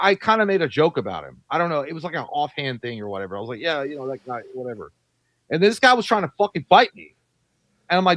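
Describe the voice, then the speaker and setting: A man's voice: on the high side, no echo. A man co-hosting a live show, telling profane stories in casual chat and acting out quoted lines. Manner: profane, animated storytelling with voiced quotes. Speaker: podcast co-host.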